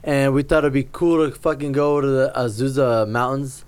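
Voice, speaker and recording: A man's voice: mid-range voice, moderate pace, clean tone. A man co-hosting a podcast, telling a story with lots of swearing. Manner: profane storytelling, animated. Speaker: podcast co-host. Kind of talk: casual chat.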